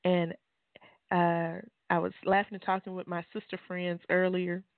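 A woman, an author and guest, giving fervent, preachy testimony on a call-in show, leaping into high exclamations. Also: monotone, a little slow, no room sound. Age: adult mother. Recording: tinny phone line.

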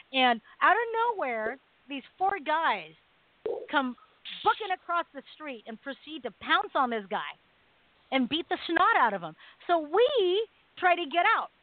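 A woman co-hosting a talk radio show, telling a story in a casual, animated way and acting out the people in it. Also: sits high, no room sound. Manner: animated storytelling, acts out quoted voices. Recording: dry phone-line audio.

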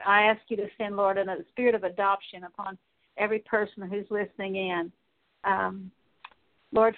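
A woman Bible teacher leading a slow, halting spoken prayer with many pauses and fillers. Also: mid-range voice. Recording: tinny phone-like audio.

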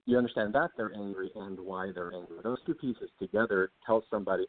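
A man, an author, explaining his ideas as an interview guest in an earnest way and laughing easily. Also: on the low side. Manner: earnest, quick to laugh, acts out example dialogue. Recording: dry, tinny phone-like line.

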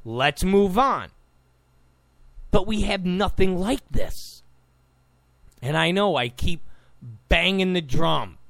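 A man's voice: high-pitched, gravelly, fairly bright tone, no room sound. A man delivering a combative, sarcastic political monologue, repeating points for emphasis. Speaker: political commentator. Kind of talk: opinionated monologue.

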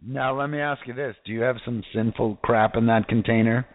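A man's voice: medium pitch, steady tone, fairly quick, no echo, phone-quality sound. A man preaching casually, reading scripture aloud and fervently calling out to his listeners. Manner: fervent, exclamatory, addresses listeners directly.

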